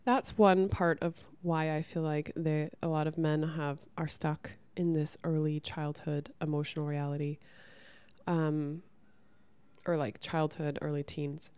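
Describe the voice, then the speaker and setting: A woman talking casually to camera about spiritual growth, chatty and soft, often saying "like" and restarting her sentences. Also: deep voice, little pitch movement, a little slow, smooth, no room sound. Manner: chatty, many "like" fillers and restarts.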